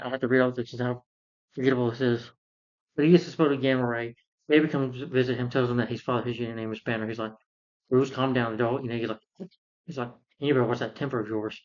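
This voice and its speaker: A man's voice: medium pitch, muffled recording. Rambling exasperated man reviewing a movie. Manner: rambling and exasperated, with many fillers and restarts.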